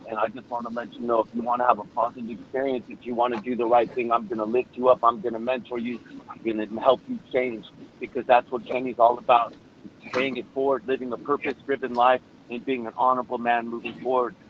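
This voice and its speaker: A man's voice: medium pitch, little pitch movement, quick pace, muffled recording, a little hiss or hum. A man giving an emotional, earnest statement of support at a parole hearing, speaking by phone. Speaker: public commenter at parole hearing.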